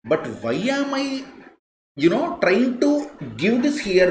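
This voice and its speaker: A man's voice: very high voice, very animated, slow. A male teacher with an Indian English accent, giving a live online lecture, repeating key phrases for emphasis in a conversational way. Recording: echoey room, faint noise.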